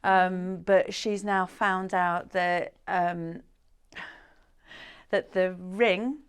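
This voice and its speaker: Smooth-voiced woman co-host. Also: lowish voice, fairly even intonation. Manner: quick reactions, reads out a listener question. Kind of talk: casual chat.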